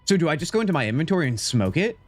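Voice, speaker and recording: A young man giving excitable, chatty live commentary while playing a game, often talking to his chat and saying "dude". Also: on the high side, very fast. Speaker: streamer.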